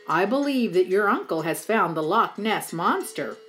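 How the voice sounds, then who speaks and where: A woman's voice: medium pitch, lively intonation, normal speed, fairly bright tone, soft background music, natural voice. A woman reading a storybook aloud, voicing a kindly, encouraging librarian.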